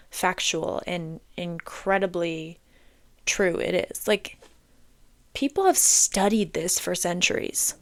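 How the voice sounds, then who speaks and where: A young woman talks straight into her phone in a loose, meandering monologue. She leans on "like" as filler and lands her points with blunt, emphatic swearing. Her pitch sits in an ordinary middle range. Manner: rambling, heavy use of "like", emphatic swearing. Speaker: podcast host. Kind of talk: casual solo monologue. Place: indoors under an air vent. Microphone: phone recording.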